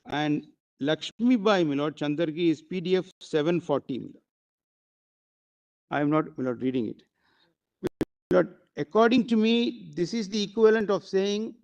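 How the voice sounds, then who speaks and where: A man with an Indian accent pleads before the judges in a high voice. His argument is formal and full of deference. He stops often on "uh" and "my lord". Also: animated, gravelly, darkish tone. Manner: addresses the bench as "my lord" constantly, with halting fillers. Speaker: advocate arguing before the court. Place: courtroom.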